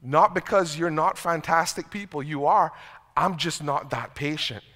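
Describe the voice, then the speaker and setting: A man delivers a sermon from the pulpit, his voice bright and a little higher than most. He talks conversationally and pokes fun at himself, often stumbling over repeated words before a sentence gets going. The sound carries a long reverb from the church hall. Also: measured pace. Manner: conversational, self-deprecating, repeats words when starting sentences. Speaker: pastor. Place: church sanctuary.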